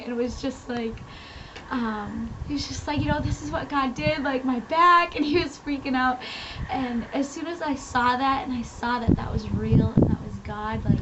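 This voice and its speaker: A young woman from New England sharing a personal testimony in casual chat, with a chatty manner full of fillers. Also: on the high side. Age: young adult. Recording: lo-fi with loud background noise.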